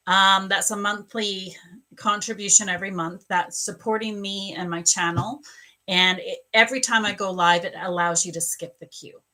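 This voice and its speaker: A woman's voice: medium pitch, bright, forceful tone, rough recording. A woman psychic medium talks straight to her viewers during a live reading. Her speech is gushing and heartfelt, and she drifts from thought to thought with plenty of fillers. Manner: effusive, emotional, rambling with fillers. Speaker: psychic medium and spiritual coach.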